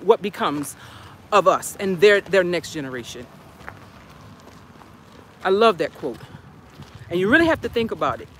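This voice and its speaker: A woman's voice: fairly low pitch, a little hiss or hum. A woman who is an educator, talking earnestly and from the heart in a casual outdoor live stream.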